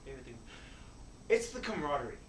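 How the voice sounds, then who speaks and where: A man talking casually as a guest, animated and laughing often. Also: a little high, fast, recorded from a distance, slight background noise. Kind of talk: casual chat. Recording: echoey room, voice from off-mic.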